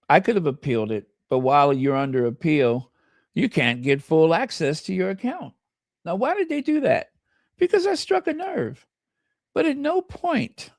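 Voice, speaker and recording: Slow, gravelly, impassioned American host. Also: mid-range voice, no room sound, studio quality. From United States. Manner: impassioned and emphatic, reads viewer comments aloud. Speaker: channel host. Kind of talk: livestream commentary.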